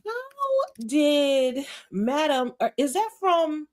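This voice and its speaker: A woman panelist with a slightly high voice riffs on a TV show over a video call. She jokes often and tells her takes with animation. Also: very slow. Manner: joking, animated storyteller. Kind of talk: casual recap chat.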